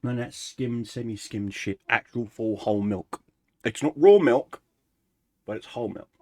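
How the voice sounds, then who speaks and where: A man chatting casually through a life update for his gaming channel, rambling and relaxed, pausing to snack. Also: mid-range voice, dry recording. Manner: rambling, relaxed, eating snacks while talking. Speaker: gaming YouTuber.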